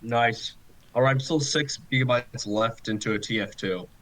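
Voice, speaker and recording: A man's voice: medium pitch, normal speed, fairly bright tone, far from the mic. A man joining a casual streamed podcast as a friend, chatting and joking. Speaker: podcast guest. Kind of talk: casual chat.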